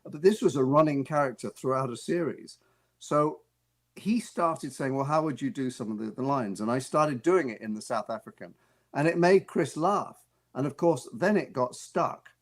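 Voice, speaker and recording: Male actor guest with a middle-pitched voice. Rambling, amused storyteller who restarts his sentences. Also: animated, moderate pace. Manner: rambling, with frequent restarts and repeated words; amused, laughs while telling stories. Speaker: actor and author, interview guest. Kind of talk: casual anecdotal storytelling. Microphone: radio studio mic.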